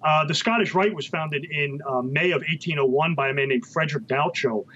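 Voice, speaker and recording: A man answering interview questions as a guest author, halting and full of ums and restarts. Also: on the high side, fairly bright tone, a little hiss or hum. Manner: hesitant, many ums and restarts. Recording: muffled lo-fi sound.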